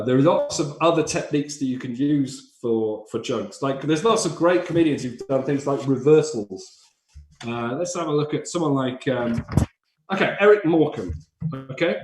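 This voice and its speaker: A man's voice: medium pitch, a little mellow, slight background noise. A man teaching stand-up comedy, explaining how jokes work and acting out silly little voices. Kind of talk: explaining joke structure, live online session. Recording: echoey room.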